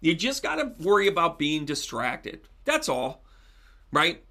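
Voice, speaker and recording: Brief: male medium hosting a live tarot stream, joking and chatty, bright tone. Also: on the high side, a little slow, vocal fry. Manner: chatty, animated, joking with viewers. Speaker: psychic medium and tarot reader.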